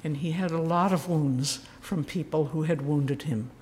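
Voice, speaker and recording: A woman speaking as a retreat leader, sharing a personal story gently and earnestly, with self-deprecating humor. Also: sits low, normal speed, slight background noise. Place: church. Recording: long church reverb.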